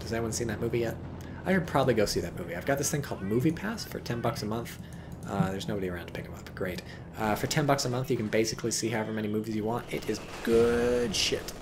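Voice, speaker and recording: Rambling, low-voiced man casting a game. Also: background noise. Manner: rambling, joking, swears casually. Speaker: game caster. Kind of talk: casual game commentary.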